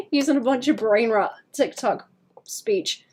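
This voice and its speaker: A woman talks casually to her stream audience while she draws. She speaks softly and wanders from thought to thought, filling gaps with "like" and breaking into light laughs. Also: on the high side, slightly rough. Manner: soft-spoken, rambling, laughs often, many "like" fillers. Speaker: art streamer. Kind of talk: casual chat while drawing.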